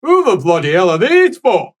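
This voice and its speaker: A gruff old priest with a short temper booms out every line, as a man puts him on. He pitches his voice high and loud and keeps it lively as he swears and challenges anyone in his way. This is the grumpy elder of a tabletop game. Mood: blustering. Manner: bellowing, swearing, quick to challenge.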